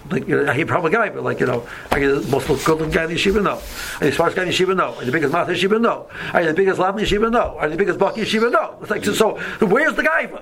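Man, yeshiva-style teacher, rambling casual lecture, gravelly voice, slightly raised pitch. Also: animated, racing, few pauses, fairly bright tone, low-quality recording. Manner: rambling, many fillers, mixes Hebrew and Yiddish terms. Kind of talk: casual Torah lecture with stories.

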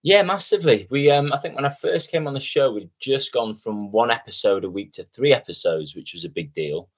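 A man's voice: mid-range voice, brisk. A man, an actor guest telling self-mocking stories in a casual interview. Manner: chatty, self-mocking storyteller, lively quoting.

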